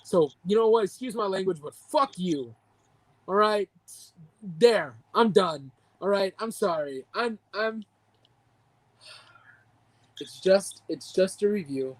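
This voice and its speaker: Young podcast co-host, indignant profane rant, mid-pitched voice, heated delivery. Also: lively intonation, slow pace, long pauses, no echo, low-quality recording. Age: young adult. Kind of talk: ranting movie-review reaction.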